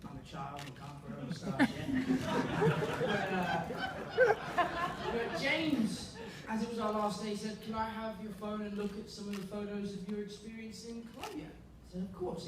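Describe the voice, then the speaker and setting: Young man, high voice, self-deprecating casual storyteller, echoey hall, far from the mic. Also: expressive, normal speed, crowd noise, background noise. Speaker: actor on festival panel. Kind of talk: casual anecdote.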